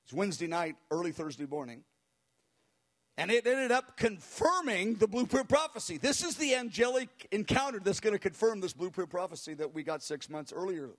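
Middle-aged male preacher, high-pitched voice, animated storytelling, acts out quotes, sermon. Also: normal speed.

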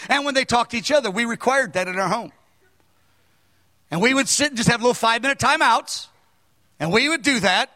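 A man in his sixties preaching a sermon, earnest and emphatic, now and then raising his voice to a shout. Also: very high voice, animated, fast, in a large hall.

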